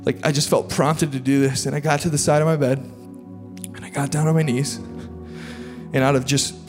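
A man's voice: mid-range voice, level tone, moderate pace. A man preaching a sermon testimony, earnest and confessional, talking loosely with lots of fillers, in a large hall with an audience. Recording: long hall reverb with faint music behind.

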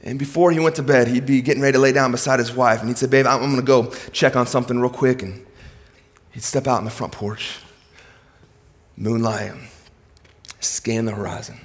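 A man preaching a sermon, telling stories that sink to a hushed low voice and then rise into emphatic, raised delivery. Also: fairly even intonation, fairly quick. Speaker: pastor. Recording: hall reverb.

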